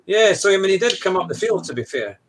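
A man's voice: sits high, big pitch swings, fast, a little hiss or hum. A man hosting a casual motoring talk show, easygoing and agreeable in chat with his co-host.

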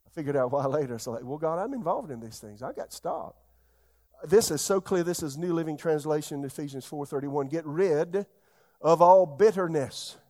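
Preaching pastor with a higher voice. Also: male voice. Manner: preaching with sudden loud bursts and soft asides. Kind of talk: sermon.

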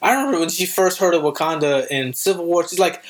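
A young man with a high-pitched voice chats casually with a friend. He is excitable and animated, often breaking into playful voices to act out what people said. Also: fast talker. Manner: excitable, acts out quotes in voices. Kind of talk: casual chat.

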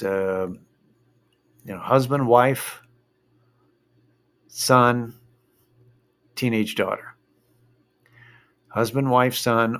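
A man telling a rambling story in a casual monologue, swearing freely and drifting into a rant. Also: lowish voice.

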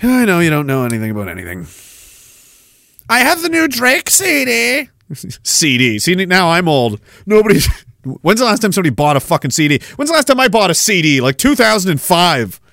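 A man's voice: a little high, sing-song, fairly bright tone, dry recording. Sarcastic man ranting on a podcast. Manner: sarcastic, profane, fast-shifting rant. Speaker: podcast host.

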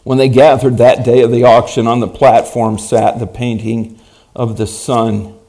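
Male preacher, sermon storytelling, dramatic, mid-range pitch. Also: little pitch movement, a little slow. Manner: dramatic, rising to loud emphasis.

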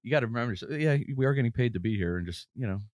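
A man co-hosting a casual podcast chat, often chiming in with quick agreement. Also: mid-range voice, animated, a little mellow, no room sound, clean studio sound. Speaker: firefighter co-host.

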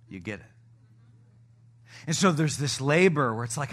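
A middle-aged male pastor preaching a sermon, joking with the congregation and swinging between loud shouting and soft asides. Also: medium pitch, expressive, normal speed, pauses often.

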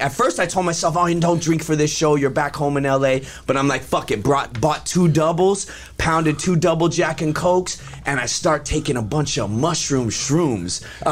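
A man's voice: on the high side, a little hiss or hum. A man telling a wild personal story in casual, profane talk, often laughing. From Los Angeles area. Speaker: guest performer.

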